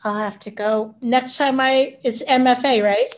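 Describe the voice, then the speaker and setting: A woman's voice: fairly high pitch, steady tone, unhurried. A woman hosting a virtual open mic over a video call, encouraging and enthusiastic.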